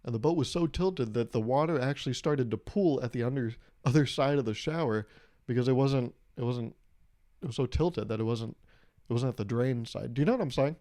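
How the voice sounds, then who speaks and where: A man's voice: medium pitch, brisk, warm tone. A young man hosting a casual solo podcast, rambling through a story and laughing at his own jokes. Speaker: podcast host.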